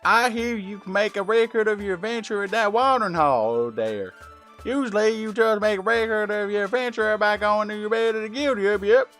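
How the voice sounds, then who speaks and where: A man puts on a gushing little beaver rookie from a video game, high-pitched and loud, with a thick put-on Southern US drawl. He sounds overjoyed to have juniors and nearly blubbers, all hammy folksy charm. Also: brisk, soft background music. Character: eager rookie beaver creature, male, sentimental.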